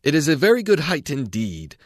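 A man doing a slow, sleepy, stern caterpillar. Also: mid-range voice, sing-song, gravelly, no echo, studio quality, exaggerated voice. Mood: languid stern. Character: languid stern male caterpillar smoking a hookah.

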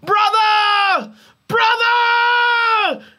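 A woman voicing a strong young hunter shouting into the distance. His calls are loud and desperate, carried on a bright voice. It is a spoken folk tale. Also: very high voice, fairly even intonation, extremely slow, pitched above the performer's own voice, heavily acted. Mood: calling. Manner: calling out loudly.

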